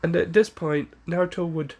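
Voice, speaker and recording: A man casually narrating an improvised fan story in a rambling, halting way with many restarts. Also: a little high, fairly even intonation, gravelly, a little mellow.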